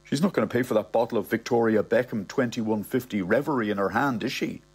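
Laid-back Irish lad, wry and casual, slightly husky, read by the male narrator. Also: mid-range voice, fast talker.

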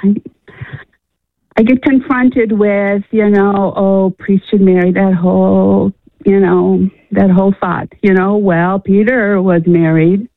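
Gravelly-voiced woman caller on a tinny phone line. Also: mid-range voice, flat delivery, no echo. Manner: halting, many restarts and fillers. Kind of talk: phone-in conversation.

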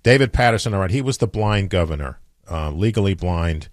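A man's voice: low voice, expressive, brisk, dry recording, studio quality. A man hosting a morning radio show, chatting offhand and rambling with lots of fillers and restarts. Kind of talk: casual morning radio chat.

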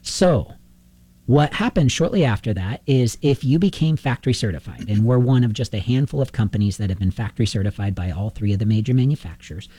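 A man's voice: on the low side, fairly quick, breathy edge, dry recording. A man, a roofing contractor, telling a long anecdote in a casual interview and acting out both sides of the conversations. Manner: animated anecdotal storyteller, acts out dialogue.

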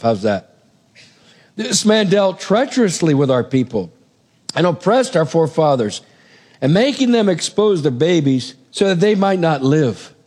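A man preaching a sermon, retelling a Bible story in a casual, animated way with asides to the congregation. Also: a little high.

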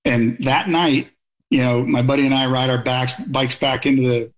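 In a conversational interview, a middle-aged man with a moderate pitch, a military officer appearing as a guest, speaks bluntly and with strong opinions. He recounts his service in a plain, direct manner, keeping a steady tone at normal speed, though the recording quality is low.

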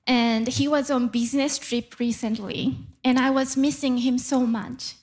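Slow deadpan woman with a Japanese accent. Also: sits high. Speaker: stand-up comedian. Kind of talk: stand-up comedy set. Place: comedy club stage before a laughing audience.

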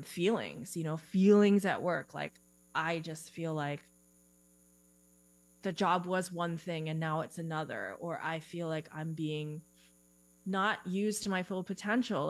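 A woman career coach answering interview questions in a thoughtful way, speaking in quick bursts with lots of fillers. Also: low-pitched. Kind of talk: podcast interview guest. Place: Eugene, Oregon.

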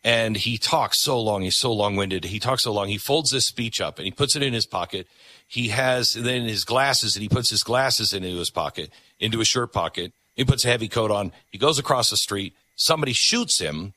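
A man hosting a conversation, telling a story in an animated way. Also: lowish voice, normal speed. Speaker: host. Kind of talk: casual conversation.

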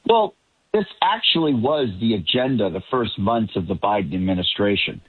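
Boston guy commenting on politics over a phone line, tinny and dry, husky. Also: fairly low pitch, expressive, moderate pace, dry recording. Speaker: panel guest, political commentator. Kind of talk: talk radio commentary.

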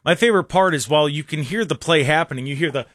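Male sports talk host, higher-pitched, dry studio sound, excitable, rambling, sarcastic. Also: quick pace, no room sound.

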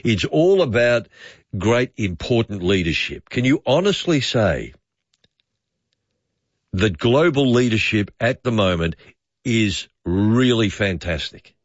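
Male radio host, lively rambling delivery, lowish voice, dry dull studio sound. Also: takes it slowly, no echo. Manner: chatty, rambling, musing aloud. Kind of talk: overnight talkback radio chat. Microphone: studio microphone.

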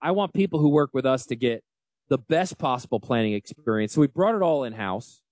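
A man in his forties with a Northern US accent, hosting a radio talk show on financial planning. He talks loudly and energetically, joking and yelling into a close mic. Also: medium pitch, lively intonation, brisk, dry recording. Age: 40s. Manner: loud, yelling. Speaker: financial advisor radio host. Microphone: close studio mic.

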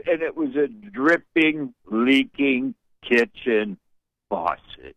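An older man calling in to a radio show, talking in a folksy, rambling, wry way and clearing his throat from allergies. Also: on the high side, sing-song, takes it slowly, no echo, lo-fi sound. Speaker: radio caller. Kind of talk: call-in radio chat.

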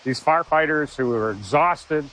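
A man telling a personal story in an interview, earnest and halting, with frequent restarts. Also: a little high, expressive, fairly bright tone, a little hiss or hum, low-quality recording. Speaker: interviewee, former Marine.

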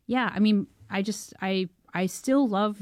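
A woman's voice: medium pitch, measured pace, darkish tone, no room sound, studio quality. A woman in her thirties from Toronto, a filmmaker guest, talking casually with lots of fillers and laughs. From Toronto, Canada. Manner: chatty, laughing often, many fillers. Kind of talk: casual interview chat.

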